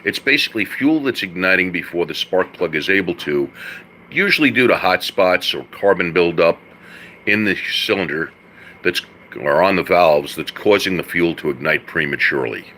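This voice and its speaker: Low, bright-toned man hosting a car Q&A. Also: lively intonation, normal speed, a little hiss or hum. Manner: folksy, fills with "all right" and "uh"; addresses viewers as folks and buddy. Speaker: host answering viewers' car questions. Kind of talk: live-stream Q&A.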